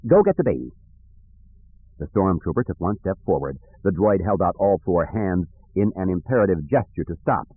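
A man narrating an audiobook in a measured, even storytelling manner. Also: sits low, husky, no room sound. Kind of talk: scripted narration. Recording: dry tinny phone-like recording.

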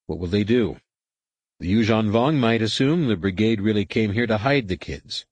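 A man's voice: lowish voice, normal speed, darkish tone, no echo, voice pushed up, close to an everyday voice. A man voicing a stern, commanding teenage male Jedi who speaks in a firm, clipped way.

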